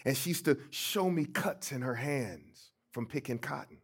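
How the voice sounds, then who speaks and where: A middle-aged man from St. Louis, a pastor giving a storytelling sermon, emphatic and swinging between soft and loud. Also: medium pitch, expressive, moderate pace, breathy edge. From St. Louis, USA.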